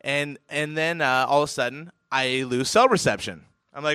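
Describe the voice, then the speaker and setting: A man telling a casual personal anecdote in an animated way, chuckling often and restarting his sentences. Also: a little high, normal speed, hardly any pauses, clean tone, dry recording, clean studio sound. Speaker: storyteller.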